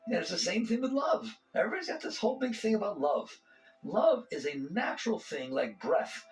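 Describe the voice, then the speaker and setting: A man's voice: on the high side, vocal fry, poor audio. A man giving a conversational spiritual talk to an audience. He asks rhetorical questions and often chuckles. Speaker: spiritual teacher.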